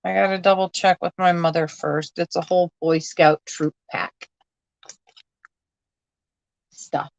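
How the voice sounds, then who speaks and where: A woman's voice: on the low side, steady tone, measured pace, gravelly, long pauses, no echo, lo-fi sound. A woman chatting casually to viewers while sorting through a box of odds and ends, rambling and laughing at herself. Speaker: crafting vlogger. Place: at home.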